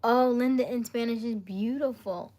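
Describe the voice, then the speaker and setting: A woman's voice: a little high, normal speed, mellow. An American woman hosting a casual live stream, chatting and reading viewer comments aloud, often laughing and dropping to a half-whisper. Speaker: livestream host.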